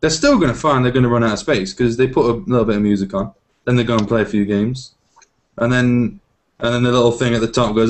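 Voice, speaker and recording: A man's voice: medium pitch, steady tone, quick pace. A man on a casual tech podcast panel, skeptical and argumentative. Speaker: co-host panelist.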